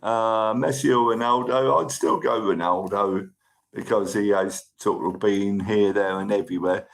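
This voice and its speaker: A man from the UK with a British accent, hosting a livestream and chatting casually through viewer comments, upbeat and a bit overexcited, his voice croaky. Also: on the low side, steady tone, a little slow. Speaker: livestream host.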